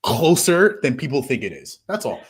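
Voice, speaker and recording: A man's voice: medium pitch, moderate pace. Rambling American man in casual chat. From United States. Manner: rambling, restarts phrases, lively swings in loudness.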